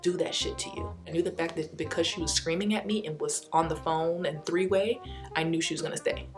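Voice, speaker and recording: A woman with a fairly low voice tells a dramatic personal story for her vlog. She talks casually and with energy as she races through who said what in a heated falling-out. Soft music plays faintly behind her. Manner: animated, quickly recounting a dramatic dispute. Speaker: storytime vlogger.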